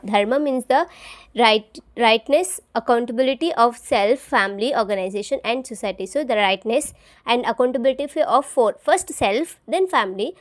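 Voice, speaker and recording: Woman drilling study notes aloud. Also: fairly high pitch. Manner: repeats key words over and over, spells terms out letter by letter. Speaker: exam study tutor. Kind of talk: study-along lesson, repeating terms aloud to memorize.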